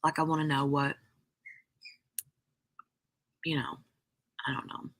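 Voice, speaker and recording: A woman's voice: sits low, flat delivery, brisk, a bit bright, slight background noise. A woman hosting a craft live stream, chatting casually with viewers in a rambling way full of "like" and "um".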